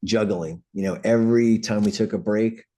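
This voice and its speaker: Middle-aged New York punk vocalist, low voice, lively profane raconteur. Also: male voice, moderate pace. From New York City. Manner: animated anecdotes, acts out quoted voices, swears freely. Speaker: guest, punk band vocalist. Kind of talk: casual storytelling.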